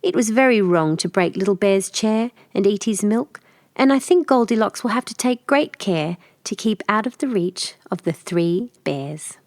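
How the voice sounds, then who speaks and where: American woman reading a bedtime fairy tale, gentle even voice, dry close sound. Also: medium pitch, normal speed, no room sound. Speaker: storyteller. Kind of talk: calm storybook narration.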